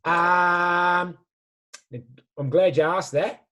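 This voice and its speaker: A man speaks with lively, slangy enthusiasm, pitched a little high for a man. He sounds like a motivational speaker telling stories over a video call. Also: extremely slow. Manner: animated, storytelling with slang. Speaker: guest speaker. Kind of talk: motivational talk.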